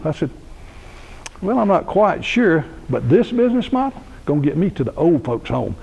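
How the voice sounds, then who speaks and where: A man's voice: a little high, expressive, moderate pace, creaky, muffled recording. A man, telling humorous anecdotes in a folksy speech at a university event. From Georgia, US. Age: 60s. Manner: folksy anecdotal humor, laughs at own stories. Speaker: keynote speaker. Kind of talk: storytelling speech. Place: university lecture hall.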